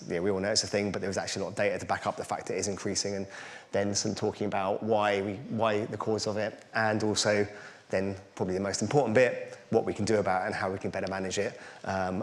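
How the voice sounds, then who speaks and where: A middle-aged Englishman speaks fast in a low, level voice in an echoey room. He's giving a conference talk with slides, candid, conversational, and self-deprecating.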